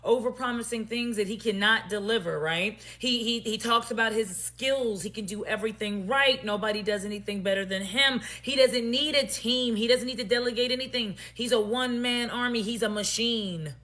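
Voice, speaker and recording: A woman's voice: a little high, moderate pace, few pauses, bright, forceful tone. A woman vlogger telling a storytime monologue to her viewers, emphatic and sassy, with pointed asides.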